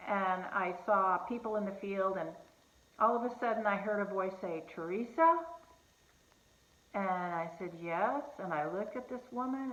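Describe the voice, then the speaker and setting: A woman's voice: mid-range voice, fairly bright tone. A woman casually telling a personal faith testimony, earnest and conversational, with fillers and restarts. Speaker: host sharing a personal testimony. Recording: echoey room, slightly dull sound.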